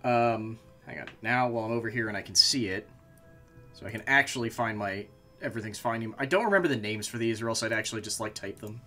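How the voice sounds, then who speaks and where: A man's voice: lowish voice, quick pace, pushed and bright, soft background music. A man streaming a game, talking to himself as he plays and breaking into frustrated, swearing outbursts. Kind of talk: casual gameplay commentary.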